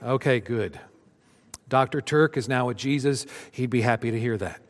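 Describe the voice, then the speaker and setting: A man in his fifties, a pastor preaching a sermon to his congregation and reading scripture with dramatic rises and drops. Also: moderate pace. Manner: dramatic scripture reading, rising for cries and dropping low. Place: church sanctuary. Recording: long reverb of a church hall.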